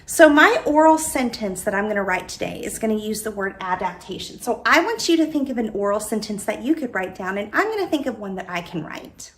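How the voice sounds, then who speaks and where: A woman teacher giving a recorded lesson, speaking slowly and deliberately and dictating sentences word by word. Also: medium pitch, lively intonation, fairly bright tone.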